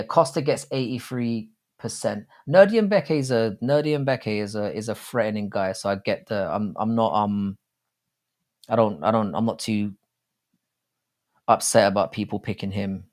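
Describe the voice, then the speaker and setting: A man's voice: on the low side, steady tone, normal speed. A young man hosting a casual live stream, rambling and swearing freely with many restarts.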